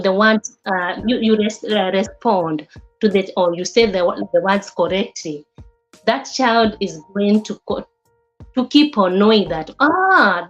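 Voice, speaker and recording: Halting woman teacher lecturing a class. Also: medium pitch. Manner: halting, repeats and restarts words often. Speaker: teacher of early childhood development. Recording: slightly dull lo-fi recording.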